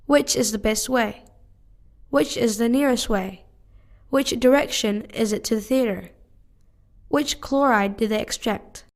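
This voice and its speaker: A woman, reading English practice questions one at a time in a measured, careful way. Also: fairly high pitch. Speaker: English teacher. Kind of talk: reading drill sentences aloud.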